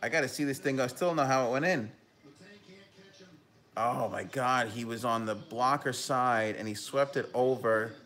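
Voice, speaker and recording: A young man hosting a live hockey talk stream, reacting to a game and reading viewer comments, with bursts of loud enthusiasm. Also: mid-range voice, moderate pace.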